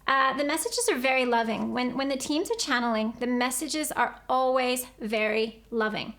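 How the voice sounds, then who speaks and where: A woman's voice: high-pitched, moderate pace, fairly bright tone. Earnest woman explaining spiritual channeling. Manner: earnest, repetitive, explaining step by step. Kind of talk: explanatory spiritual teaching video.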